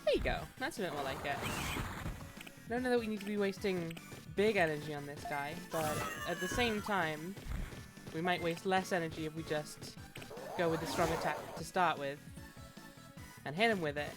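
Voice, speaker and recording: A woman's voice: lowish voice, moderate pace, music in the background. A woman streaming a video game, chatting with viewers in a playful put-on tough New York voice, laughing often. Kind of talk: casual gameplay commentary.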